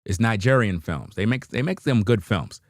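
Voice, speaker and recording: Reacting to videos on his livestream, a New York man with a deep voice chats casually with lively intonation at normal speed. The clean studio recording has no echo, and his talk is relaxed and slangy, full of chuckles and "you know what I mean."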